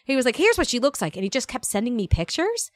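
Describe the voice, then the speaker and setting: Very animated and fast, with a fairly high pitch, a woman voice actor guests on a casual podcast. She tells stories, acts out quoted lines from people she met, and laughs and uses fillers a lot. There's no room sound.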